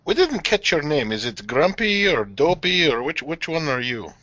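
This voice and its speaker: A joking player who teases the game master in casual chat, his voice bright and sharp with a lively, bouncing pitch. The audio is dull and lo-fi, like an online call. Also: moderate pace. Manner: joking, teasing.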